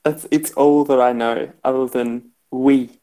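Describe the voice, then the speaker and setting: A man's voice: medium pitch, steady tone, unhurried, warm tone, soft background music. A man chatting casually and sounding hesitant and unsure. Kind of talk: casual chat.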